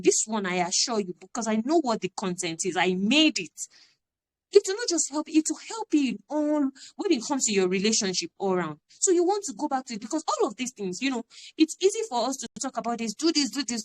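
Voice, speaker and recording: A woman's voice: on the high side, a little mellow. A woman, giving an earnest, emphatic parenting talk on a live stream and repeating her key phrases. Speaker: parenting coach.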